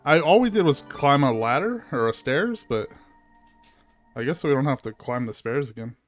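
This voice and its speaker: Expressive and medium-pitched, a man streams a video game at a moderate pace with faint music behind him. He chats casually, using fillers, and reads the in-game text aloud in his let's-play commentary.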